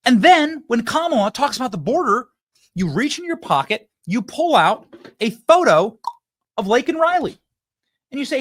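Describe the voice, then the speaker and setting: A man hosting a political talk show, giving an energetic monologue that repeats phrases and acts out debate lines. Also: very high voice, normal speed. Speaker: political commentator and show host.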